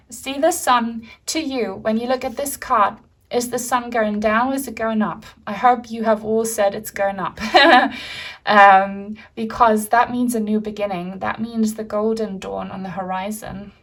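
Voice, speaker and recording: Gentle rambling woman reading tarot. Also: mid-range voice. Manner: gentle, rambling, many fillers and soft laughs. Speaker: tarot reader. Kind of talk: pick-a-card tarot reading.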